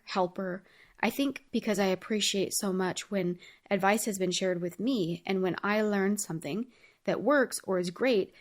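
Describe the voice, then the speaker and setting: A woman with a mid-pitched voice reflects on her own life in a solo podcast monologue. She talks in an earnest, heartfelt, chatty way, dropping in frequent casual fillers. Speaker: podcast host.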